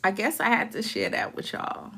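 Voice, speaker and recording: Woman in her forties, high voice, bright and forceful, heartfelt casual talk, emotional storyteller. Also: expressive, moderate pace, slightly rough. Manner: earnest, emotional, vividly acting out past scenes.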